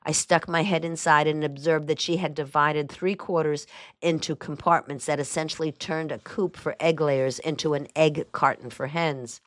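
A woman reading a first-person memoir aloud as a narrator, in a dry, even storytelling manner. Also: deep voice, moderate pace, no room sound. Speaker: audiobook narrator.

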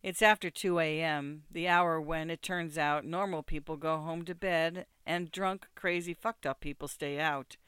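A man narrating an audiobook in a steady, second-person storytelling way. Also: fairly high pitch, measured pace, hardly any pauses, clean tone, no room sound.

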